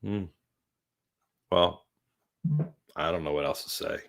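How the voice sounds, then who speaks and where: Fifty-something male host, lowish voice, chatting loosely on a porch, stoned and drifting. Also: gravelly, a bit bright, faint music behind. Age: 50s. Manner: rambling, giggly, stoned and slowing down. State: very high on cannabis. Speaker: livestream host. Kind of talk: casual live-stream chat. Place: outdoor porch.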